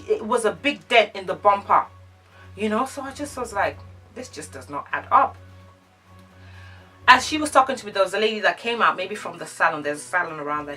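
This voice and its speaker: A woman vlogger telling an animated storytime, acting out the dialogue. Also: mid-range voice, breathy edge, distant mic. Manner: animated, acts out quoted dialogue. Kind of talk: casual storytime chat.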